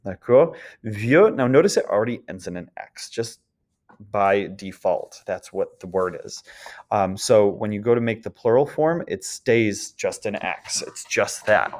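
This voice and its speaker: In a patient lecture on French grammar, a man explains things carefully, often checking in with "d'accord?" and using "um" fillers. His voice sits on the low side, expressive and measured in pace.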